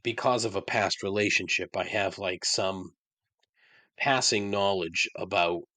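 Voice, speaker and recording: Low-pitched, bright, and forceful, a podcast host speaks unhurriedly with no echo. His casual monologue is a rant about songs he hates, laced with sarcasm and plenty of swearing.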